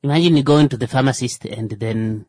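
A woman's voice: a bass voice, fairly quick, warm tone, no room sound. A woman talking in a rambling, casual monologue, full of fillers, who acts out little quoted exchanges.

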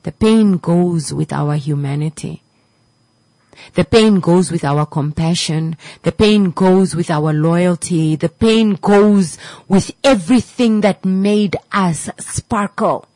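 A woman hosts a radio show with a low voice, giving a heartfelt motivational talk to her listeners. She repeats her lines and sinks into near-whispers, and her voice comes across dry and close on a studio mic. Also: takes it slowly, dark tone, dry recording, low-quality recording. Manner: repetitive, preachy, emotional, drops to a whisper at times. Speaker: radio host.

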